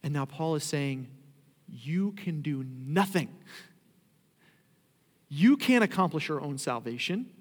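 A man's voice: fairly high pitch, lively intonation, slow, long pauses. A man preaching a sermon as pastor, talking conversationally and rising into emphatic declarations. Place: church sanctuary. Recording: long hall reverb.

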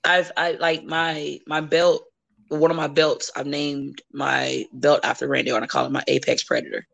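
Gravelly, blunt-talking woman. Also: low-pitched, moderate pace. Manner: blunt, profane, animated storytelling. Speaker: podcast guest, wrestler. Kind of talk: casual chat.

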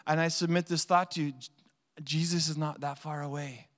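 Male pastor, conversational sermon delivery with animated quotes, clear resonant voice, echoing church hall. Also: a little high, a little fast. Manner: conversational preaching, animated quoting. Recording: long hall reverb.

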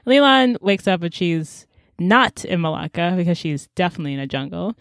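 A woman's voice: on the low side, lively intonation, brisk, dry recording, clean studio sound. A woman on a casual podcast, recapping a story in a chatty way and swinging into playful voices for the characters. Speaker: podcast co-host recapping a series. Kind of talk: casual chat.

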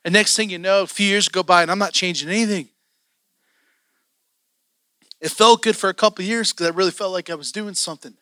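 A man preaching with fervent, story-driven passion, his voice somewhat high and strikingly bright. The sound is close and dry, with no room around it. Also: fast, no room sound. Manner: passionate, storytelling, often acting out his own excitement. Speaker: church elder preaching. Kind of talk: sermon.

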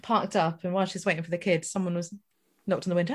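A woman's voice: on the low side, level tone, quick pace. A woman hosting a podcast, telling a rambling anecdote in casual chat with fillers and asides. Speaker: podcast host.

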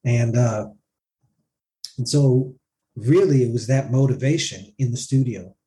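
A man's voice: medium pitch, unhurried. A male singer in a casual interview, telling a story with animation and acting out what others said. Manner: animated, acts out others' words in quotes.

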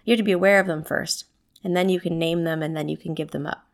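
A woman's voice: on the low side, steady tone, fast talker. Chatty woman coaching listeners on self-care. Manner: conversational, with frequent rhetorical questions and tag "right?"; laughs easily while speaking. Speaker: wellness coach. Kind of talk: self-help teaching talk.

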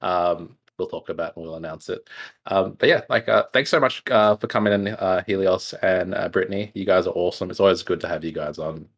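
A man's voice: deep voice, a little fast, fairly bright tone. A young man hosting a casual podcast, laid-back and laughing often, with plenty of fillers. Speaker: podcast host.

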